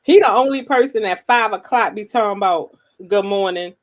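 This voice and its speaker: A woman's voice: mid-range voice, brisk. A woman co-hosting a casual talk show, reading viewer comments aloud and laughing often. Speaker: co-host. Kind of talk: casual chat.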